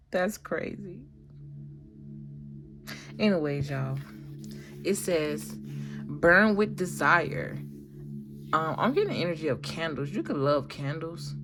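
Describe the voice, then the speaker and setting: Woman doing a low-voiced slangy tarot reading. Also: big pitch swings, a little slow, pauses often, music in the background. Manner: slangy, emphatic, swears freely. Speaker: tarot reader.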